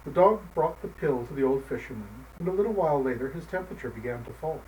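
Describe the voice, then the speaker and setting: A man narrating a folk tale in a gentle, measured storybook manner. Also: medium pitch, animated. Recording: distant mic, faint background noise.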